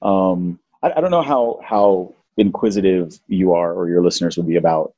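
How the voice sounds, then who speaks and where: A podcast host with a low, warm voice hosts a casual talk show at a moderate pace, playfully teaching about language and singing out example tones. The recording has no echo, but the highs are cut off.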